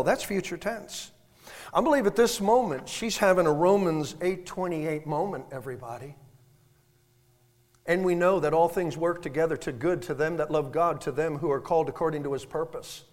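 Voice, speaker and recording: High-voiced preacher in a reverberant hall. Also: male voice, moderate pace, darkish tone. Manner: emphatic, rhetorical questions, frequent restarts. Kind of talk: sermon.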